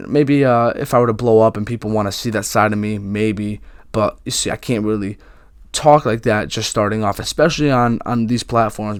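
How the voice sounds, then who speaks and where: A man's voice: medium pitch, no room sound, clean studio sound. A young man in his twenties hosting a casual solo podcast, talking candidly and rambling with many fillers and restarts. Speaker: podcast host.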